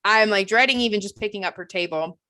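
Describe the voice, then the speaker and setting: A young adult woman co-hosting a podcast, telling a story in a casual chat, animated, laughing often and acting out the people she quotes. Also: mid-range voice, quick pace. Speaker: podcast co-host.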